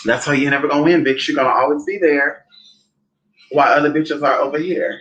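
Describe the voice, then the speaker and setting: A woman's voice: sits low, steady tone, fairly quick, fairly bright tone, rough recording. A woman hosting a casual chat, sassy and blunt, who often acts out other people's voices when she quotes them. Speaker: host.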